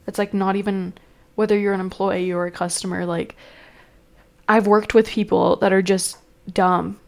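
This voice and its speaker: A woman's voice: medium pitch, level tone, moderate pace, creaky. A young woman rambling casually to camera in a vlog, chatty and full of fillers. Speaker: vlogger. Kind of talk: casual chat.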